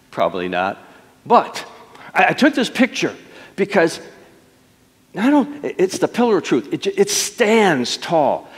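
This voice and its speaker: Middle-aged preacher guy, lively swooping voice, long reverb like a big sanctuary. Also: mid-range voice. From Detroit. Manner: storytelling preacher, dramatic pauses and emphatic swells. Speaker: pastor. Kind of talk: sermon. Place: church sanctuary. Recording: long church hall reverb.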